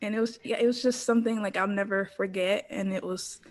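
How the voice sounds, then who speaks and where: A woman in her thirties, a guest on an interview podcast, telling her story in an animated way full of "like" and quoted thoughts. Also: medium pitch, fairly quick. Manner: animated storyteller, quoting herself, frequent "like" and laughs. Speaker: interview guest, former pro cheerleader.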